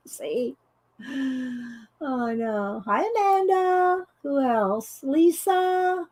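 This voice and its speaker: A woman's voice: sits high, takes it slowly, mellow. A middle-aged woman, hosting a casual coloring livestream, chatty and laughing often as she greets viewers. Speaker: livestream host demonstrating coloring.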